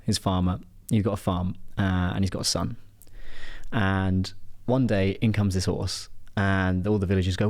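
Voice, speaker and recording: A man hosts a relaxed podcast conversation, his voice sitting a little on the low side. He tells stories with energy and slips into the voices of the people he quotes. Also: brisk. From England. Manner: animated storyteller who acts out quoted voices. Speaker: podcast host and performance coach. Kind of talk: casual podcast chat with storytelling.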